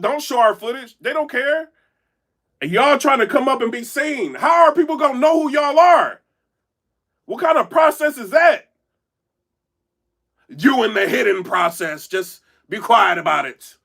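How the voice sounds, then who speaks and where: A man talking indoors in a casual live-stream commentary, animated and rambling, often checking in with his chat. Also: high voice. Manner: animated, rambling, keeps asking "you know what I'm saying". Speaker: battle rap commentator and blogger. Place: indoor room.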